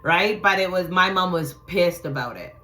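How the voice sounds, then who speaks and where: A middle-aged woman telling a personal story to viewers in a blunt, profane way, acting out quotes with sudden loud shouts. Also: lowish voice, animated, normal speed.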